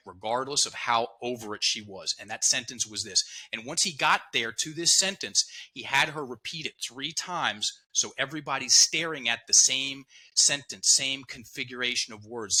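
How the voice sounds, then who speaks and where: A man's voice: mid-range voice, bright, forceful tone, low-quality recording. A man talking as a podcast guest, explaining an idea with emphasis and repeating key words. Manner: emphatic, repeats words, quotes others in voices. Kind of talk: conversational teaching.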